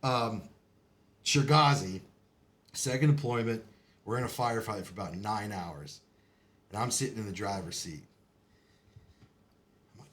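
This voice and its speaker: A man telling his military stories in casual podcast chat, swearing often, laughing, and shouting out the quoted lines. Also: lowish voice, normal speed, pauses often, slight background noise. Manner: profane, laughing, acts out quotes loudly. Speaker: podcast guest. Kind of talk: casual storytelling.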